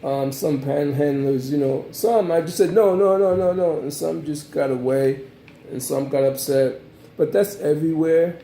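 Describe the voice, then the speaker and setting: Rambling man with a gravelly voice. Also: on the high side, normal speed, reverberant, a little hiss or hum. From United States. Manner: rambling, animated storyteller with many fillers. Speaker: travel vlogger. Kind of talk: casual travel recap.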